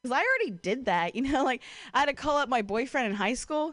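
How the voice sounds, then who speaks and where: A woman's voice: sits high, expressive, fast talker, fairly bright tone, dry recording. A young woman from Ohio doing a stand-up comedy set, casual and profane, full of "like" and "you know", self-deprecating. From Ohio, USA.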